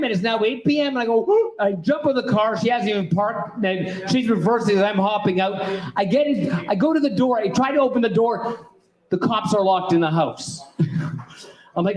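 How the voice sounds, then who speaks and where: A man's voice: high-pitched, moderate pace. A man doing a rambling, self-deprecating stand-up set on a club stage. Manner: rambling, self-deprecating storytelling with lots of ums. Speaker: stand-up comedian. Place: comedy club stage with audience. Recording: roomy club sound.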